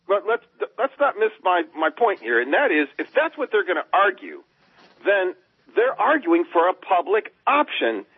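A man's voice: high-pitched, sing-song, moderate pace, husky, no echo. A man calling in to a radio talk show, arguing his point emphatically. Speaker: caller. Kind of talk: phoned-in call to a radio show. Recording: muffled phone line.

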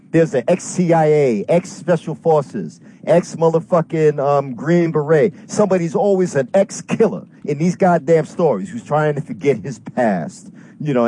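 A man's voice: medium pitch, dark tone, a little hiss or hum. A man calling in to a talk show, ranting at length in a heated, profane way and swearing constantly. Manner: profane, fired-up, heavy swearing. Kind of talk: heated call-in rant.

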